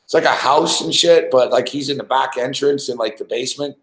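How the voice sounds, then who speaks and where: A young man from Montreal, Canada hosts a podcast, his medium-pitched voice moving a little fast. He tells a rambling, profane story packed with "like" and laughter in casual storytelling chat, recorded in an echoey room.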